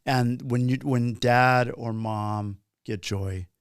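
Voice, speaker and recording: A man's voice: medium pitch, steady tone, slow, clean tone, no room sound. Male podcast host, mid-range voice, dry close sound, loose and rambling delivery. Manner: rambling, with frequent restarts and fillers. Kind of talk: casual chat.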